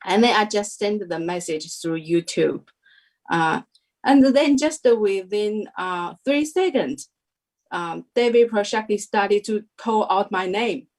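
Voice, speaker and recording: A young adult woman giving a halting interview testimony, full of fillers and restarts. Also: mid-range voice, a little mellow. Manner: hesitant, many fillers and restarts. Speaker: devotee sharing a testimony.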